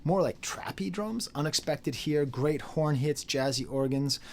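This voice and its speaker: A young adult man giving a casual, jokey album review, animated and quick to laugh and mimic. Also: a little high. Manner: sings and beatboxes drum patterns. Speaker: music reviewer.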